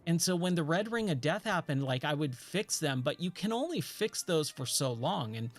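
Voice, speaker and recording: A gaming streamer in his thirties chats casually while playing, rambling through a story in a relaxed way with plenty of "like" and "you know." His voice is fairly high and his speed normal, with faint music in the background.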